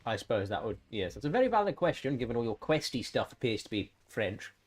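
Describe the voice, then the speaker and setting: Sarcastic man with a lively voice. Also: mid-range voice, fast talker, slight background noise. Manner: sarcastic, exasperated running commentary. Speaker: streamer. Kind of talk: live gameplay commentary.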